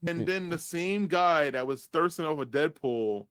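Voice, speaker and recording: A man's voice: a little high, animated, unhurried, a bit bright, smooth. A man reviewing a movie in casual chat, rambling and swearing as he retells scenes. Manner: rambling, profane, acts out characters' lines.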